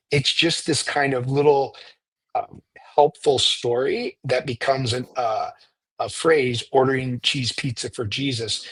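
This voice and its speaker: A priest leading a retreat, explaining prayer in a conversational, animated storytelling way and often checking in with "right?". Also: male voice, mid-range voice, slightly rough, no echo, poor audio. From United States. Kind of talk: conversational teaching.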